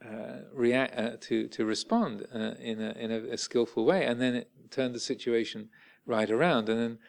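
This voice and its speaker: A monk giving a dharma talk, his voice gravelly with vocal fry. He speaks haltingly, full of pauses, fillers and restarts, at a middle pitch. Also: steady tone. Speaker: Buddhist monk teacher.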